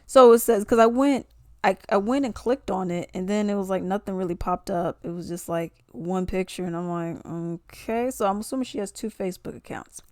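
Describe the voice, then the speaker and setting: A woman's voice: medium pitch, a little fast, no echo, clean studio sound. A woman giving casual commentary, reading posts aloud and questioning the wording. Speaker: commentary vlogger.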